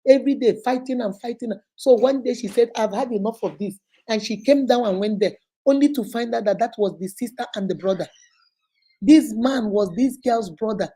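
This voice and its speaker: A Nigerian woman in her thirties hosts a casual talk. Her voice sits a little high and mellow, with a husky grain. She tells stories animatedly and puts on voices for the people she quotes. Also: moderate pace, poor audio. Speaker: vlog host.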